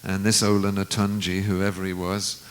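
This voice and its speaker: A man in his seventies, a guest musician, telling an anecdote in an unhurried way and acting out the quoted dialogue. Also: sits low, flat delivery, clean tone, rough recording. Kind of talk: anecdotal storytelling.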